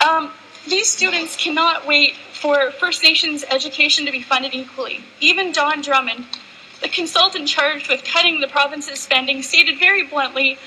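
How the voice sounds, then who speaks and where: A woman's voice: high voice, moderate pace, bright, forceful tone, a little hiss or hum, poor audio. A woman legislator giving an earnest, impassioned formal speech in a legislative chamber. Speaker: provincial legislator.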